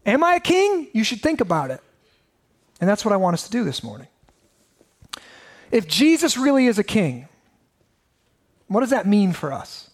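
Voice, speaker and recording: A man's voice: high-pitched, big pitch swings, moderate pace, pauses often, husky. A pastor preaching a sermon in a conversational way, asking his listeners many rhetorical questions.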